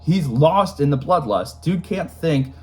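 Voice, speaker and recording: A man's voice: a little high, lively intonation, measured pace, faint music behind. A young man hosting a lore video, talking in a casual, rambling rant full of fillers and sudden emphatic outbursts.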